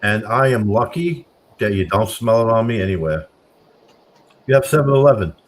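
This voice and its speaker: Loud mocking man ranting. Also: fairly low pitch, lively intonation, moderate pace, slight background noise. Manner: loud, mocking, swears often, voice jumps up when ranting. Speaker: streamer reacting to chat. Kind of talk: casual profane banter.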